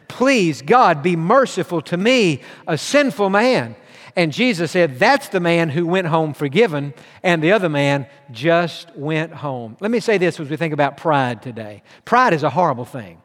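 A man's voice: a little high, big pitch swings, normal speed, fairly bright tone, big-room sound. A man preaching a sermon with earnest emphasis, reading scripture aloud and driving his points home. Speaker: pastor.

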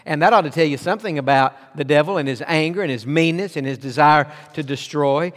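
A pastor delivers an emphatic sermon to his congregation in a voice pitched a little high. His words ring out with a long reverb, as in a big hall. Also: a little fast. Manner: emphatic preaching, tells listeners to underline words.

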